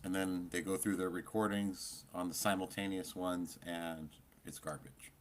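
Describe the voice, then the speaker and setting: Low-voiced man rambling casually. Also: level tone, normal speed, slight background noise. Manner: loose and rambling, many fillers. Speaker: co-host. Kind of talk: casual live-stream chat.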